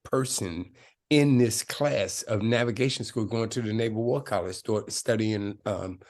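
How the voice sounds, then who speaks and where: Gravelly older man from telling stories. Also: fairly low pitch, unhurried, darkish tone. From South Side of Chicago. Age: around 70. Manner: emphatic, streetwise, keeps asking "right?". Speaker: guest, film director. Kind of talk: personal storytelling in an interview.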